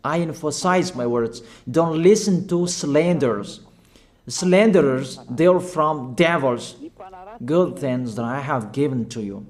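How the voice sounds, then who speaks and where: A man's voice: mid-range voice, a little slow, a little mellow. A man preaching a sermon in non-native English with grammar slips, delivering urgent, emphatic exhortations and repeating his commands.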